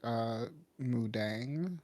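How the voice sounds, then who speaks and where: A man narrating a tabletop game as game master, calm and matter-of-fact. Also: mid-range voice, extremely slow, dry recording.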